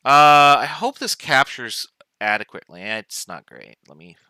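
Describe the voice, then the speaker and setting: A male chemistry professor lecturing remotely in a casual, chatty manner. His voice is very bright and crisp, and the sound is dry, with little room around it. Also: mid-range voice, measured pace, no room sound, poor audio. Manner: relaxed, informal explaining with asides.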